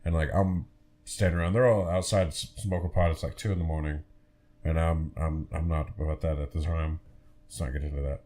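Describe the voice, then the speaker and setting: Young guy w a really deep voice telling a story on a podcast, lots of stops and restarts. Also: steady tone, dark tone. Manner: rambling, halting restarts. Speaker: podcast co-host. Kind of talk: casual storytelling chat.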